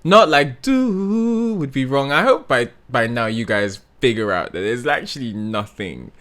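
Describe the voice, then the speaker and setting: A man reacting as a vocal coach, breaking down a singer's technique in a relaxed, analytical way full of "like" fillers. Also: lowish voice. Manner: analytical, with many "like" fillers, sings snippets to demonstrate. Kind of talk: reaction commentary.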